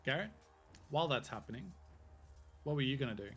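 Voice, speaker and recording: A man's voice: mid-range voice, animated, fast talker, husky, soft background music. A man narrating as game master, with loose, rambling descriptions full of hedging fillers.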